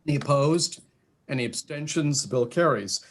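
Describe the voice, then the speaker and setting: A man chairing a legislative committee session, calling votes in a brisk, procedural way with dry jokes. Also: a little high. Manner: brisk, procedural, dryly joking.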